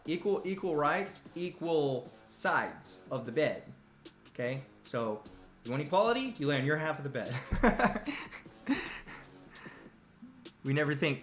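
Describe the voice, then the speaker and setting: A man's voice: medium pitch, fairly bright tone, reverberant. A man hosting a live stream, telling a comic story in a rambling, self-interrupting way and teasing his audience. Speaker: live stream talk show host. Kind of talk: comedic storytelling to a live chat.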